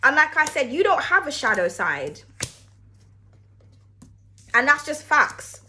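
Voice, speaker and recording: A woman's voice: sits high, sing-song, slow, bright, forceful tone, a little hiss or hum. A woman giving a casual tarot reading to camera, chatty and frank, cursing freely and calling the viewer darling. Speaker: tarot card reader.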